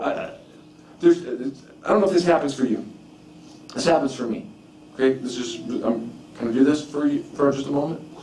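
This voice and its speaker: A man's voice: on the high side, darkish tone, a little hiss or hum. A man preaching a conversational sermon, repeating and restarting phrases as he tells personal stories. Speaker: pastor. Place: church sanctuary. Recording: echoey room from far off.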